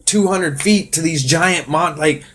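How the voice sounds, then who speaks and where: A man's voice: on the high side, measured pace, fairly bright tone. A man hosting a casual podcast chat, easygoing, self-deprecating and swearing freely. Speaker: podcast host.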